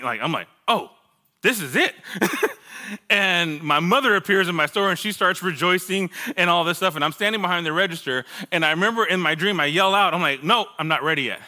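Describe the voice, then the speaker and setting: A male pastor with a very bright, ringing voice pitched a little high. He preaches by telling his own story, playing out his past words and laughing at himself along the way. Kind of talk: sermon with personal testimony.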